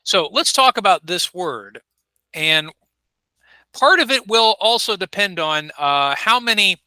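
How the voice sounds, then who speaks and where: A man's voice: fairly high pitch, bright, forceful tone, smooth, dry recording, low-quality recording. A man teaching an online English class, patiently modeling pronunciation. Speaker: ESL teacher. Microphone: video call.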